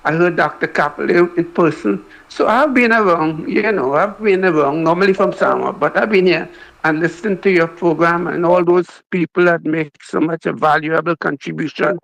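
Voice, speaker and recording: A man's voice: a little high, normal speed, gravelly, fairly bright tone, rough recording. An older man from Trinidad with a Trinidadian accent, calling in to a radio show and chatting in a friendly, rambling way. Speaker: caller. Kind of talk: phone-in radio call.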